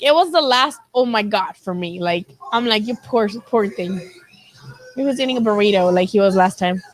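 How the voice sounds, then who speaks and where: A woman's voice: sits high, fairly bright tone, no echo, rough recording. A woman hosting a live boxing chat, talking casually and animatedly, swearing freely and acting out what people said. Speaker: boxing channel host.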